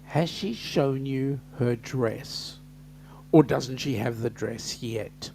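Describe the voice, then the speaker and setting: An Australian man with a gravelly, fry-laden voice hosts a relaxed live-stream chat. He talks slowly and jokes around, greeting viewers by name. A faint hum sits under his voice. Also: medium pitch. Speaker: host. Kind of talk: casual live-stream chat reading comments.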